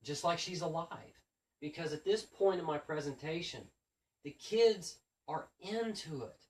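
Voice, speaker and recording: A children's book author with a fairly high, slightly slow voice casually tells stories about his school visits. He animatedly acts out the patter he uses with the kids, and the roomy sound suggests a distant mic.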